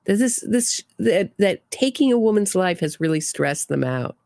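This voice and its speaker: A woman's voice: mid-range voice, very animated, normal speed, gravelly, a little mellow, no echo, studio quality. A middle-aged woman hosting a casual true crime livestream, giving opinions and reading viewer comments aloud.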